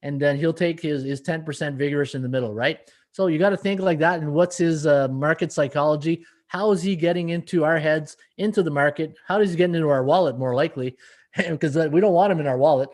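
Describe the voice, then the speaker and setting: A man's voice: fairly high pitch, fast, a little mellow. A middle-aged man hosts a sports betting live stream, chatting loosely and reading viewer comments between fillers and restarts. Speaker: sports betting podcast host.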